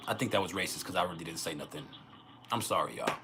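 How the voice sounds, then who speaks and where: A man's voice: low-pitched, expressive, fast talker, music in the background. Joking, profane man on a livestream. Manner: joking, profane, laughs often. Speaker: astrology livestream host. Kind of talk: casual livestream chat.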